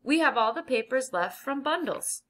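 A woman voicing a gentle, helpful girl in a storybook, soft and thoughtful. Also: high-pitched, animated, moderate pace, pitched above the performer's own voice.

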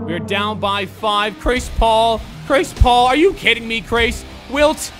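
A young man giving live commentary over a basketball video game, excitable and swearing as he plays. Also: very high voice, measured pace, few pauses, over loud music. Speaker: gaming YouTuber.

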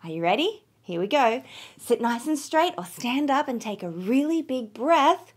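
A woman teaching children to sing, talking gently and encouragingly and singing moo notes over a piano. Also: sits high, sing-song, moderate pace, slightly rough. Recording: piano music behind. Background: piano keyboard.

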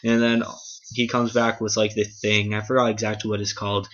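A man's voice: lowish voice, completely flat delivery, a little fast, a bit bright. A man casually recapping an anime episode, rambling and swearing, filling his talk with "like" and "um". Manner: rambling, profane, heavy use of "like" and "um". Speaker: anime reviewer. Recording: dull lo-fi webcam audio.

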